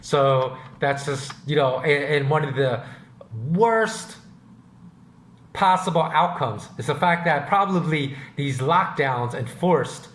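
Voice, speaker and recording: A man's voice: a little high, unhurried, hardly any pauses, a bit bright. Opinionated man in an echoey room. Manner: opinionated, rambling, emphatic. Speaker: podcast host. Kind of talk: casual monologue. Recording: roomy echo.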